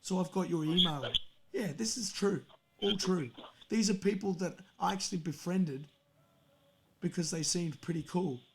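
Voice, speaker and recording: A man's voice: high-pitched, normal speed. A young man hosting a podcast, telling a story in a heated, profane casual rant. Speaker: podcast host. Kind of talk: angry casual rant on a stream.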